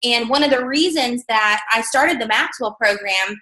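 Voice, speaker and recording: A woman's voice: fairly high pitch, moderate pace, pushed and bright, reverberant, rough recording. A middle-aged woman giving a candid, chatty motivational talk to a sales team, full of fillers and self-deprecating asides.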